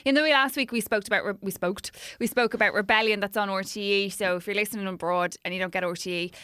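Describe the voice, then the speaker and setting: An Irish woman co-hosting a podcast, telling a story in quick, chatty casual talk. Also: medium pitch, fairly even intonation, bright, forceful tone, smooth, no echo, studio quality. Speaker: podcast co-host. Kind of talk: casual chat.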